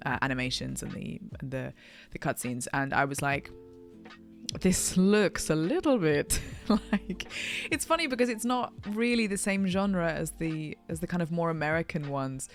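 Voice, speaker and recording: A woman voice actor chatting excitedly in a casual vlog, rambling with fillers. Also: sits low, brisk, hardly any pauses, faint music behind.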